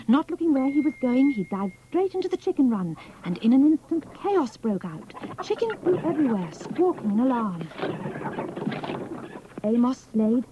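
A woman narrating a children's storybook in a measured, expressive reading. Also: fairly high pitch, muffled recording, slight background noise.

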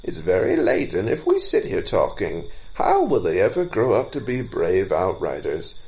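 A man's voice: deep voice, huge pitch swings, moderate pace, a little mellow, exaggerated voice, low-quality recording. A man voicing a fussy, easily irritated old male deer storyteller in a storybook, stern and scolding.

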